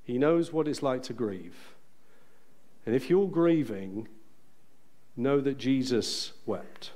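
A man preaching a sermon in a church, earnest and emphatic, slowing down to stress key phrases. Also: mid-range voice, lively intonation, warm tone.

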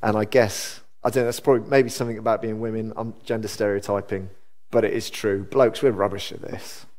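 A man preaching a sermon in a church, earnest and conversational, with sudden lively rises. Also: lowish voice, fairly quick. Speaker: pastor.

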